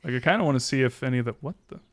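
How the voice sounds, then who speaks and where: A man's voice: mid-range voice, rapid-fire, no room sound. A man streaming a game, giving casual, sarcastic commentary full of jokes and muttered asides. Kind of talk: casual let's-play commentary.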